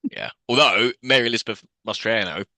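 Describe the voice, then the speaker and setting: A man talks fast on a podcast, his voice bright and forward as he retells film scenes with incredulous, animated swearing. The sound is close and dry, with no room around it. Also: fairly low pitch, no room sound. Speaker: podcast co-host. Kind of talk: casual film review chat.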